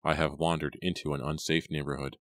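A man voicing a trembling young gentleman. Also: rumbling low, level tone, fairly quick, no room sound. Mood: brooding. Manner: trembling, earnest. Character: young male gentleman, lovestruck and nervous.

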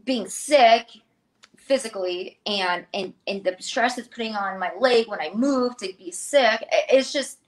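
A woman in her thirties, an interview guest, telling a personal story in a lively way and acting out the voices of the people in it. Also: a little high, a little slow. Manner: animated, acts out quoted voices.

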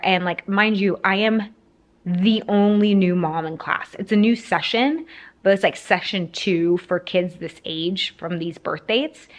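A young woman telling a casual storytime to camera, rambling with lots of fillers. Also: on the low side. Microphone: camera framing, talking to camera.

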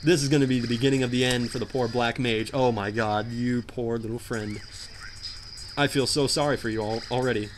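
A young man giving jokey, animated commentary while playing a hard video game, often shouting in frustration. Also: medium pitch, a little fast, noisy background. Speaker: gameplay commentator. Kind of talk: let's play commentary.

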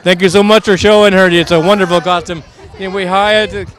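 High-pitched guy doing street interviews with kids in costumes, jokey and coaxing, playing a goofy vampire, faint crowd behind. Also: steady tone, brisk, fairly bright tone. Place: outdoors at a street Halloween parade.

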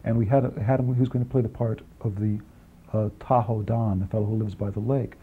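A man being interviewed about his film work, talking quickly in long rambling answers with many restarts and asides, on an old archival tape. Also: fairly low pitch, steady tone, husky. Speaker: film writer and director, interview guest. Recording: dull archival 1980s interview tape, faint hiss.

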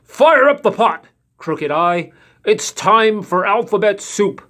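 A man's voice: lively intonation, takes it slowly, sharp tone, full character voice. A man voicing a giant, grumpy monster letter M in a storybook, threatening to make soup. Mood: menacing. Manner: booming and menacing.

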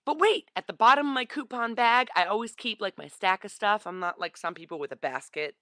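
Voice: medium pitch, animated, a little fast, bright, forceful tone, dry recording. A vlogger telling a story casually into a webcam, acting out the voices of the people in it.

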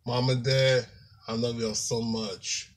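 Slow, halting man talking to viewers. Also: medium pitch, little pitch movement. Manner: slow, halting, apologetic, talks to viewers as "y'all". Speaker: YouTuber. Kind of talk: casual talk to camera.

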